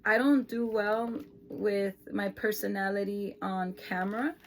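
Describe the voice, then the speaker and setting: Middle-aged mother, casual vlogger, unhurried and sincere, emotional edge. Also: mid-range voice, slight background noise. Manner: emotional, earnest, lapses into excited praise voice. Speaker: mother of an autistic son. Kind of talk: casual explanatory vlog.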